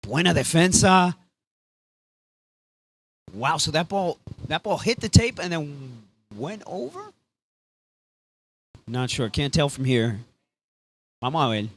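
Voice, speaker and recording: A man calls the match live in a loose, excitable play-by-play, switching into Spanish now and then. His voice sits a touch higher than most men's. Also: takes it slowly, pauses often. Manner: casual, excitable, mixes in Spanish phrases. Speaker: sports commentator.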